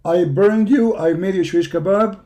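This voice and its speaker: A hoarse man hosting a live stream, delivering a combative, mocking rant that taunts his opponents. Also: high voice, moderate pace, dark tone. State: hoarse from hours of talking.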